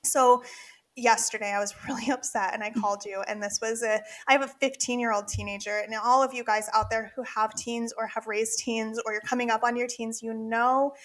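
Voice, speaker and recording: A woman's voice: fairly high pitch, fairly even intonation, fairly quick, fairly bright tone. A woman in her forties co-hosting a podcast, talking candidly in a casual chat with many fillers and frequent laughs. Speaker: podcast co-host, dental practice consultant.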